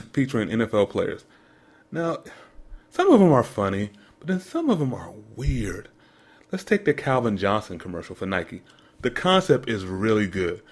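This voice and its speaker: A man co-hosting a sports podcast, ranting in a mocking, incredulous way about commercials. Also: medium pitch. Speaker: podcast co-host. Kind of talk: casual sports commentary rant.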